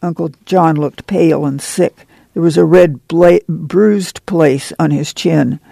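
Gravelly male audiobook narrator. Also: a little high, no room sound. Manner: measured, steady storytelling. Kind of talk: scripted literary narration.

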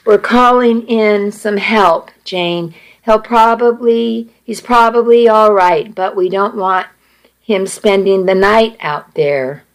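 Gentle reassuring guy, soft and slow, woman reading him in a story. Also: sits high, lively intonation, creaky, heavily acted, low-quality recording. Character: calm, gentle man comforting a worried mother.

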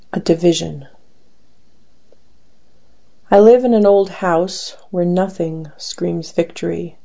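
Slow gravelly woman reading poetry. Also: fairly low pitch, warm tone. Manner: slow, deliberate, dramatic delivery. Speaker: poet. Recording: dull lo-fi recording.

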